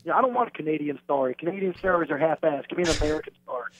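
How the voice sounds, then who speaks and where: Arrogant man, brash and taunting, fast-talking, tinny phone line. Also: on the high side, expressive. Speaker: wrestler being interviewed. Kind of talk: phone interview in heel character.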